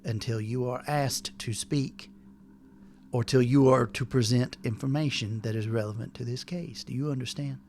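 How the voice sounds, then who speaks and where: A man's voice: medium pitch, normal speed, a little mellow, natural voice. A man voicing a stern male judge in a tabletop game, formal and commanding.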